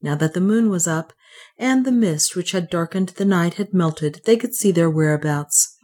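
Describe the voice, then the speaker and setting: A woman narrating a classic adventure novel in a measured, clear reading. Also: on the low side, darkish tone. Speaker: audiobook narrator. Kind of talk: audiobook narration.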